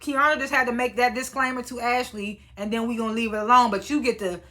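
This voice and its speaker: A woman's voice: fairly high pitch, quick pace. A young woman casually recapping a reality show, blunt and profane, acting out what the cast said. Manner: animated, blunt and profane, acts out quotes.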